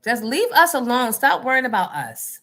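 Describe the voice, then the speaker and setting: A woman's voice: a little high, very animated, normal speed, a bit bright. A woman hosting a casual livestream show, speaking outspokenly and answering her chat. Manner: outspoken, talks back to the chat.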